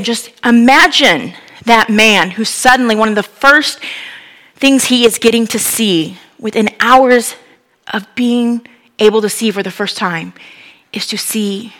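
A woman preaching a sermon, retelling a Bible story in a lively, conversational way with frequent asides. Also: on the high side, unhurried.

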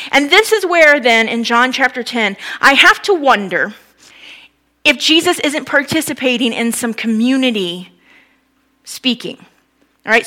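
A woman's voice: high voice, pushed and bright. A woman preaching a sermon in a conversational way, asking the listeners questions and acting out the people in the story. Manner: conversational, acts out quoted voices, asks the listeners questions. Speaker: pastor.

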